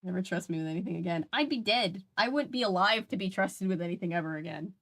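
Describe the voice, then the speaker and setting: Young woman reading a book out loud, sassy commentary, laughs a lot. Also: on the low side, lively intonation, fast. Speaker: channel host reading a book aloud. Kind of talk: reading aloud with casual commentary.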